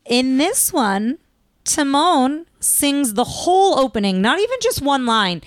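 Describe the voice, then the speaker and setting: A woman co-hosting a podcast, giving opinionated, animated movie-review chat. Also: high-pitched, measured pace. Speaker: podcast co-host.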